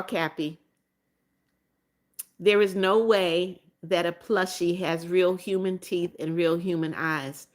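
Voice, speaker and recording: Low-voiced woman hosting a live chat. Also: steady tone, slow. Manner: chatty, repeats greetings, frequent restarts and "um". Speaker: live-stream host and former teacher. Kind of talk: casual live-stream chat, reading out viewer comments.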